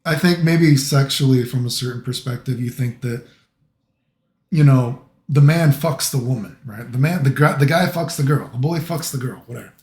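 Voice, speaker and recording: A middle-aged American man talks in a loose, rambling monologue, leaning on filler phrases again and again. His voice sits at an ordinary middle pitch. The room around him rings with noticeable echo. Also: normal speed, a little mellow. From United States. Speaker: vlogger.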